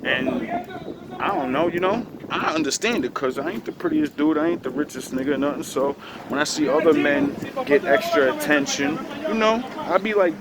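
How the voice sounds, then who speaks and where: A man's voice: fairly high pitch, moderate pace. Profane ranting man on a noisy street. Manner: profane, rambling and confrontational. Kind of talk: casual rant to camera.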